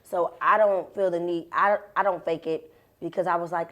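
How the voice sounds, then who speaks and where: A young adult woman speaking on a panel, emphatic and animated, laughing as she makes her points. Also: lowish voice, normal speed. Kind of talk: candid panel discussion.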